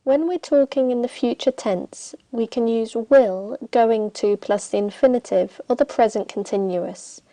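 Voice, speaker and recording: A woman gives a scripted grammar lesson at an unhurried, careful pace. Her voice is mellow and a little high. The recording is dry and close, with no room sound. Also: no echo. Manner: slow, deliberate, reads example sentences aloud. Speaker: English teacher.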